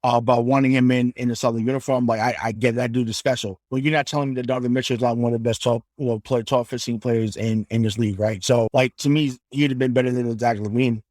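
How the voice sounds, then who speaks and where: A man co-hosting a casual sports podcast, animated and profane, climbing into loud rants. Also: mid-range voice, fast talker, hardly any pauses, dry recording, studio quality. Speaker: podcast co-host.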